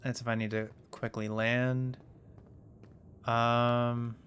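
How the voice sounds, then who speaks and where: A man's voice: medium pitch, little pitch movement, slow pace, a bit bright, slight background noise. A man giving casual gameplay commentary as a let's play host, chatty and wondering aloud.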